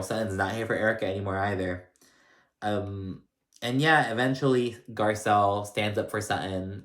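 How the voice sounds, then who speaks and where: A man casually recapping a reality show, gossipy and blunt, with lots of "like" and swearing. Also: lowish voice. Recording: echoey room.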